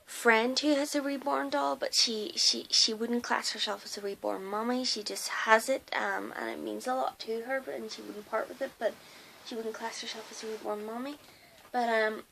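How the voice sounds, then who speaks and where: A woman's voice: on the high side, vocal fry, bright, forceful tone, slight background noise, low-quality recording. A woman who is losing her voice, chatting casually and hesitantly, with lots of fillers, as she shows off her doll collection in her home nursery. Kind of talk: casual show-and-tell video.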